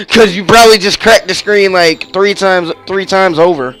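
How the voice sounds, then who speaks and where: A man's voice: sits high, steady tone, measured pace, fairly bright tone. A man casually commenting while he plays a video game, joking and teasing his friend. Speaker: let's play host. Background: video game music.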